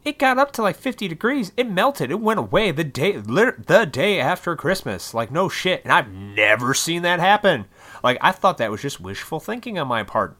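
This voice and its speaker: A man in his thirties from Illinois hosts his own podcast and rambles through a casual, profane rant. His voice is bright and forward, and his pitch leaps around animatedly, rising into sudden loud bursts. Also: normal speed. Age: 30s. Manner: profane, rambling, swings into loud excited outbursts. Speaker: podcast host.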